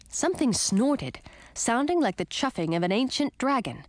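Lively woman reading a storybook. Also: on the high side, normal speed, no room sound. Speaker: audiobook narrator. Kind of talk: first-person storybook narration.

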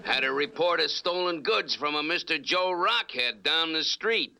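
Gruff slow cartoon beat cop, gravelly, sharp bright tone. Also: male voice, fairly high pitch, lively intonation, full character voice. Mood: suspicious. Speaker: police officer. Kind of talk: classic cartoon voice acting.

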